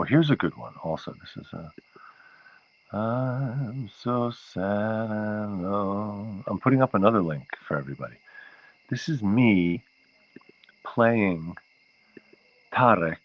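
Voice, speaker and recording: A man hosting a livestream from home, chatting casually and rambling from one aside to the next, recorded on a laptop microphone. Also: low voice. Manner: rambling and easily sidetracked. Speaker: livestream show host. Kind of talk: casual chat with viewers. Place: home, near an outdoor porch area. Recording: dull lo-fi sound.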